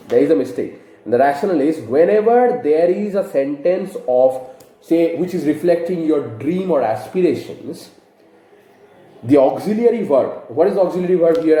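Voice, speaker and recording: A man's voice: on the high side, dark tone, roomy sound, poor audio. A man teaching grammar to camera, explaining patiently and asking rhetorical questions. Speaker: English teacher.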